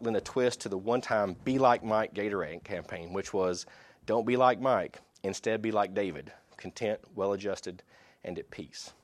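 A man with a lowish voice reads long passages from articles to an audience, breaking off for his own asides and stumbling restarts. The sound is dry and close, with little room in it. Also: no echo. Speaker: speaker reading articles to an audience. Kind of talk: sermon-like talk reading aloud from articles.

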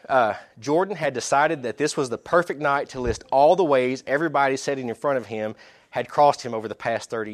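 A man's voice: medium pitch, dry recording. A man addressing an audience, reading aloud from articles and adding his own asides and restarts.

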